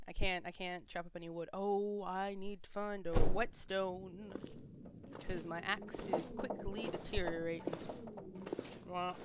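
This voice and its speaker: Chatty, swearing woman over loud game noise. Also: mid-range voice. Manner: chatty and profane, talks to her game character. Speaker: gaming video host. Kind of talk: casual let's-play commentary. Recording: noisy audio with loud game ambience.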